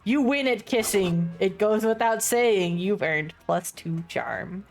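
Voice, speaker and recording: Young woman streamer, deadpan narration, slow pace, faint music. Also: medium pitch. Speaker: streamer reading a dating game. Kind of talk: narrating a visual novel on stream.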